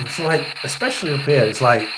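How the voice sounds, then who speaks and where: A man in his sixties doing a live tarot and spirit reading as a psychic medium, halting and rambling, often clearing his throat. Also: fairly high pitch, very animated, over music, rough recording.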